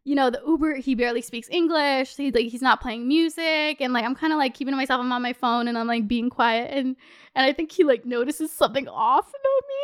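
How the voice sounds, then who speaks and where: A young woman telling a story in casual chat, animated and swearing, full of "like" fillers. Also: high voice, fairly quick. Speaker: podcast host.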